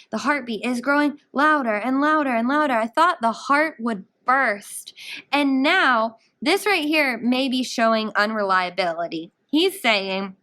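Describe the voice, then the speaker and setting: A woman teacher with a fairly high voice talks students through a short story in a recorded lesson. She explains each passage in an animated, explanatory way, sounding as if she is speaking into a computer mic. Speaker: English teacher. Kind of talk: guided reading lesson.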